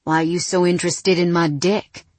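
A woman's voice: medium pitch, lively intonation, measured pace, breathy edge, dry recording. Brief: curt, sarcastic young athlete, dry close read, woman narrator voicing him. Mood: sullen. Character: sullen young male football star, defensive.

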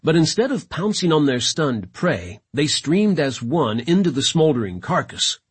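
A man reading a sci-fi audiobook in a dramatic, expressive narration. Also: on the high side, moderate pace, breathy edge. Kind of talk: scripted narration.

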